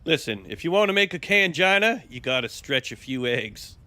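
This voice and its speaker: A man's voice: a little high, very animated, moderate pace, pushed and bright, dry recording. A man narrating an improvised role-play story with friends on a live stream. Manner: storytelling, breaks into laughter. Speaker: streamer guest.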